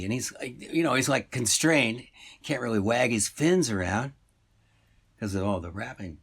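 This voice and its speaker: A man's voice: medium pitch, animated, moderate pace, fairly bright tone, slightly rough. A man telling a story in a rambling, meandering way, full of fillers and asides.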